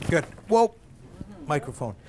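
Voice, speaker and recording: A male vocal coach leading a live group singing workshop, energetic and directive, joking with the singers. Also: on the high side, unhurried, slight background noise.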